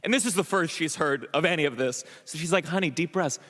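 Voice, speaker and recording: A man doing a stand-up comedy set, telling an animated story full of stammers and restarts, acting out the voices of the people in it. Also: a little high, quick pace, big-room sound. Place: comedy club stage. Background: audience laughter.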